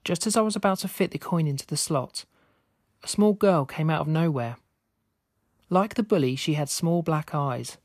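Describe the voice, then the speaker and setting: A man reading a scripted spooky story aloud in a steady, measured way. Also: a little high, no echo, studio quality. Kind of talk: scripted narration.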